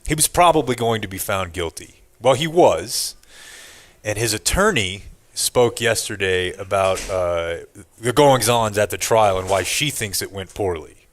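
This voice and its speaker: A man's voice: fairly low pitch, expressive, a little slow, fairly bright tone. A man hosting a radio show, chatting casually and rambling, laughing often and poking fun at himself. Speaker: radio host.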